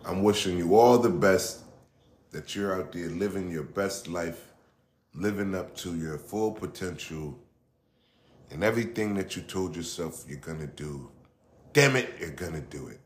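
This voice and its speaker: A middle-aged podcast host with a deep voice speaks at a measured pace in a casual solo monologue. He's loose and profane, rambling, starting sentences over and drifting into side comments.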